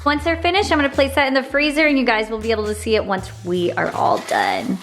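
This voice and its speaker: A woman's voice: on the high side, expressive, fast, fairly bright tone, soft background music. A woman chatting to her viewers in an upbeat, casual way as she cooks at home. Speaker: vlogger. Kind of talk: casual cooking vlog. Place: home kitchen and backyard grill.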